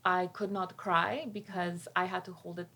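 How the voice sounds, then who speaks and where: A woman's voice: lowish voice, little pitch movement, normal speed, gravelly, sharp tone. Brief: woman panelist, candid and personal, conversational. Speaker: panel guest.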